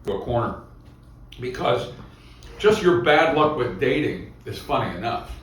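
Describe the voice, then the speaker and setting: A man's voice: medium pitch, lively intonation, a little slow. A man hosting a comedy workshop, encouraging as he talks through joke ideas and introduces acts. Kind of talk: casual feedback and emcee banter. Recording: echoey room, far from the mic, with faint noise.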